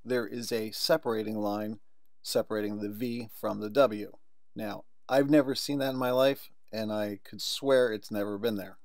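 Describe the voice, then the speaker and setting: A man's voice: lowish voice, a little mellow, no echo, studio quality. A man narrating an explainer video in a conversational tone, building suspense. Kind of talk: casual explainer commentary.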